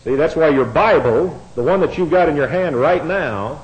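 A middle-aged man preaching a sermon, folksy and sarcastic, swinging between quiet asides and loud outbursts. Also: a little high, expressive, normal speed, highs cut off.

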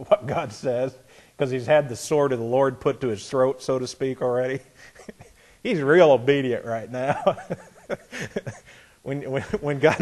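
A man's voice: medium pitch, a little mellow. A man teaching a Bible lesson in a folksy, emphatic way, reading scripture and acting out the speakers. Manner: folksy, emphatic, acts out voices, chuckles.

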